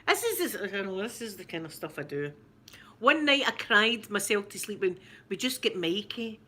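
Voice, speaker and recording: A middle-aged Scottish woman, a mother, chatting casually to camera and telling stories in an animated way, with lots of repeats. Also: mid-range voice, normal speed. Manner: animated storytelling with laughs and repeats. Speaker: vlogger, mother.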